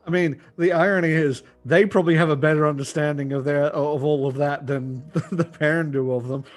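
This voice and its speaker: A man playing in an online tabletop game, throwing in quick quips and giggling. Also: on the high side, fairly even intonation, faint music behind. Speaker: player. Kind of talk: casual tabletop game banter.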